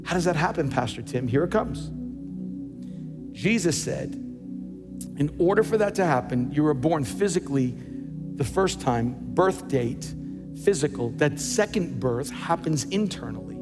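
A man's voice: on the high side, expressive, unhurried, long pauses, long reverb tail, music in the background. A man preaching a sermon as pastor, emphatic and repeating words as he builds his points.

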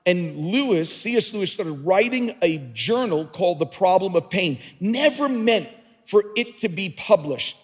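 A man's voice: high-pitched, expressive, measured pace, husky. A male pastor preaching a sermon to a congregation in an earnest, emphatic way, often repeating and restarting words. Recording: long reverb in a large hall.

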